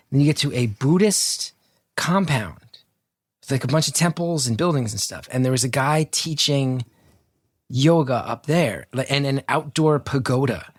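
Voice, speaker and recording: Profane, animated man over a video call. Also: medium pitch, no room sound. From North Jersey, United States. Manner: animated, profane, self-deprecating storytelling. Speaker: guest storyteller. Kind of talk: casual anecdote told on a video call.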